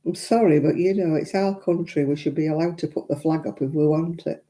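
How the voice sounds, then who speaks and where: A frank, chatty Englishwoman hosts a live crafting stream, answering her viewers' comments as she goes. Her voice is very dark and mellow. She laughs easily and speaks her mind. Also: sits low, fairly even intonation, fairly quick. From England. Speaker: crafting livestream host. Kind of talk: chatty livestream talk.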